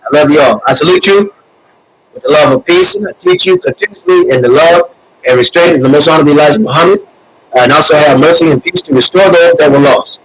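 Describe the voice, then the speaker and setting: A man's voice: a little high, sing-song, fast talker, crowd noise, rough recording. A man hosting a live stream, reading viewer comments and addressing his audience in an earnest, repetitive, preacher-like cadence with many fillers; he is emotional. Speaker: host of a streaming show.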